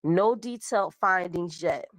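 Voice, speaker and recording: A woman's voice: lowish voice, a little slow, a bit bright, dry recording. A young woman host with a cold, stuffed up, casually reading out a news story and stumbling over words. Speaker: show host.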